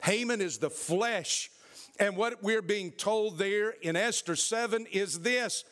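A man's voice: sits high, takes it slowly, fairly bright tone. A man preaching a sermon, emphatic and repetitive, speaking directly to his congregation.

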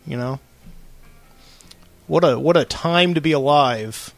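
A man's voice: on the high side, takes it slowly, creaky, no echo, soft background music. A man hosting a late-night solo podcast from a studio, telling a long rambling story with lots of fillers. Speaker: podcast host.

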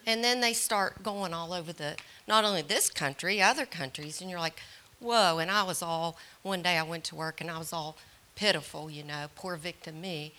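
Bright, animated storytelling mother. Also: fairly low pitch, moderate pace. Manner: animated, acts out her own and others' lines. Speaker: parenting panelist. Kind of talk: storytelling on a panel.

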